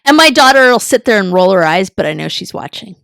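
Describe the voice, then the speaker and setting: A middle-aged woman talking in relaxed conversation, chatty and expressive. She tells stories and slips into quoted voices along the way. Her voice sits mid-range and sounds dry and close to the mic. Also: mid-range voice, quick pace, creaky, dry recording. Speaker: podcast co-host. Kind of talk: casual chat.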